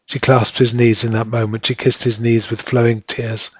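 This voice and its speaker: An audiobook reader delivers scripted narration, reading a story aloud in a steady, measured, husky voice pitched in the middle of the male range. The recording is dry and close, with no room sound.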